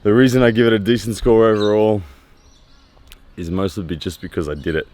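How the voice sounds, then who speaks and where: A man in his thirties talking candidly to camera after a training session, pausing often with fillers. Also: on the low side, a little mellow. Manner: candid and reflective, with many pauses and fillers. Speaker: strength training vlogger. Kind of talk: casual post-workout vlog talk. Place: training area after a workout.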